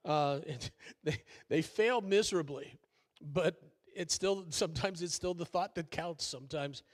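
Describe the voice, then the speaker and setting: An older man preaches as a church pastor, with a voice that sits a little higher than most men's. He talks in a folksy, conversational way, full of fillers and joking asides at his own expense. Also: unhurried. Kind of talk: sermon. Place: church sanctuary.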